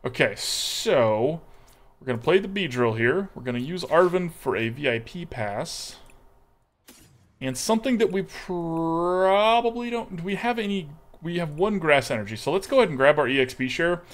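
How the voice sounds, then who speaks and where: A man's voice: fairly high pitch, expressive, moderate pace. A man streaming a card game, chatting to viewers and thinking aloud through his moves in an exaggerated put-on accent. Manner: chatty, talks to chat and to himself while planning moves. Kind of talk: live card-game play commentary.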